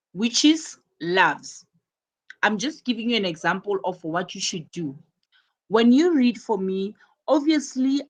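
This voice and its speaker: A woman's voice: mid-range voice, fairly bright tone. A woman teaching an English class to students, patiently explaining and repeating her examples step by step. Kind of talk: live online class instruction.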